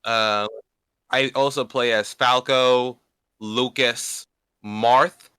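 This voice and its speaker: Bright, clear-voiced teenage guy. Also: medium pitch, fairly even intonation, no echo. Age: late teens. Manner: halting, repeats and restarts words. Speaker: guest, beginner voice actor. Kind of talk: casual interview talk.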